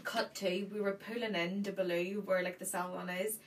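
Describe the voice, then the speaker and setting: A woman in her thirties with a Northern Irish accent, telling a story in casual chat and acting out the quotes with lively energy. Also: mid-range voice, normal speed. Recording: distant mic with faint noise.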